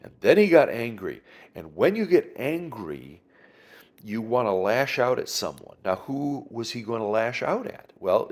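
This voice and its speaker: A man, a pastor, teaching through a Bible passage in a conversational way, pausing and restarting and putting questions to his listeners. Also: on the low side, darkish tone.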